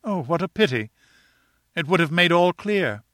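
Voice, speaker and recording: A cool young wife who brushes things off lightly, pitched well above the reader's own voice, as a male narrator puts her on. Her tone is bright and sharp, and the recording is dry and close. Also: animated, normal speed, no echo. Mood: breezy. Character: cool, offhand young woman, newly married. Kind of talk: audiobook character voice.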